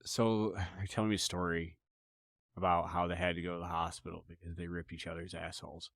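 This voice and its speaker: Profane man telling stories, low voice. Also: brisk. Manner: profane, animated, repeats himself. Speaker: podcast host. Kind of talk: casual comedic storytelling.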